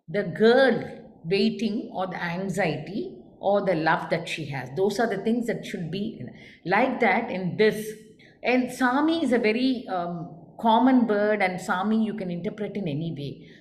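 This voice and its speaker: A woman's voice: medium pitch, expressive, unhurried, darkish tone, a little hiss or hum. A woman, explaining dance interpretation to students and asking them questions. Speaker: dance teacher. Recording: echoey room with faint ambience.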